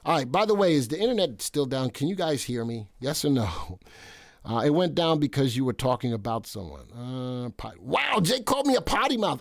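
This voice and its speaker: A man's voice: medium pitch, sing-song, normal speed, creaky. A man hosting a live stock-analysis stream, chatting casually with viewers, greeting them by name and spelling out ticker symbols. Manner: chatty, jokey, reads viewer names and tickers aloud. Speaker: livestream stock analysis host.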